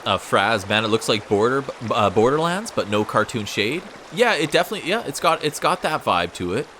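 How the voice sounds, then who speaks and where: A man's voice: medium pitch, sing-song, fairly quick, bright, forceful tone, slight background noise. A man giving casual gameplay commentary while he plays, laid-back and thinking aloud, often repeating words. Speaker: gaming streamer. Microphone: USB desk microphone. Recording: game music under the voice. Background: game music.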